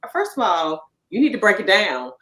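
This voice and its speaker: A woman's voice: medium pitch, very animated, brisk, a bit bright. A woman hosting a casual interview, chatting with frequent tag questions. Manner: conversational, tag questions like "right?". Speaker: podcast host. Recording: roomy echo.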